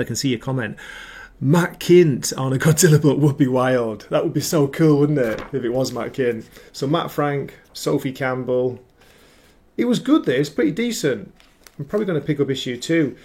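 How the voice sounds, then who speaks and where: Guy streaming from home, chatty and excited, rambles a lot, mid-pitched voice. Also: husky. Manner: chatty, enthusiastic, rambling asides. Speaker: comic book livestream host. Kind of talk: casual chat. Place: home livestream setup with ring light.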